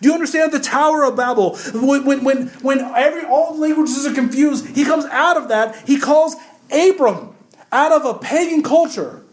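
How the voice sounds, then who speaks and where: A pastor preaching a sermon in an emphatic, conversational way, repeating words and asking the congregation questions. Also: male voice, very high voice, moderate pace, echoey room. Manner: addresses the congregation directly with questions.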